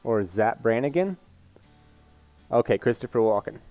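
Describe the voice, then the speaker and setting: A man's voice: mid-range voice, animated, moderate pace, warm tone, no echo. Male streamer, casual candid rambler, dry sound, faint music bed. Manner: rambling, candid, reads chat aloud. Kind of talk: casual live-stream chat.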